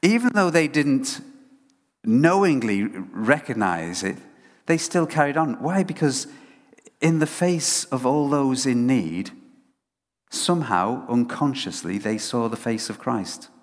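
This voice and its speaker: A man's voice: mid-range voice, takes it slowly. A man delivers a conversational sermon in a mid-range voice, telling stories with frequent stumbles and restarts. The sound rings with long reverb from a large hall. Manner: animated storytelling with frequent restarts. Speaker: preacher.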